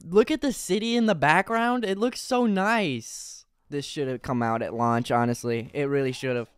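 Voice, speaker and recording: Breathless, excitable young man streaming. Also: a little high, normal speed, clear, resonant tone, no room sound, studio quality. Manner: excitable, rambling, loud bursts of enthusiasm. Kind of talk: excited live reaction stream.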